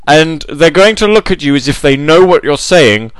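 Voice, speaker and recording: A man putting on a bossy TV producer who gives flat, quiet instructions. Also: a little high, moderate pace, clear, resonant tone, dry recording, close to an everyday voice, low-quality recording. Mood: instructing.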